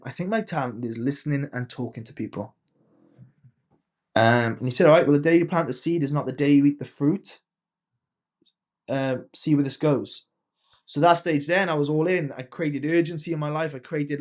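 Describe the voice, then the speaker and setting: A man's voice: a little high, darkish tone. Man telling a story, playing out the dialogue. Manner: vivid anecdotes acting out quoted dialogue. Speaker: podcast guest, business and mindset coach. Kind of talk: casual storytelling.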